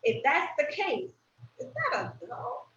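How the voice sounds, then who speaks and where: Higher-voiced woman host, roomy distant sound. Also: unhurried, vocal fry, muffled recording. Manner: expressive, playful, asks probing questions. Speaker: podcast host. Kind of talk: casual conversation.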